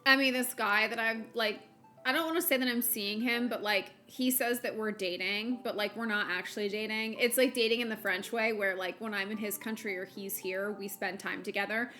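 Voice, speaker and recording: A woman's voice: medium pitch, steady tone, a little fast, bright, forceful tone, faint music behind. A young American woman streaming a game, chatting casually with her viewers and laughing often. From United States. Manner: chatty, giggly, lots of fillers. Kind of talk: casual chat while gaming, reading chat.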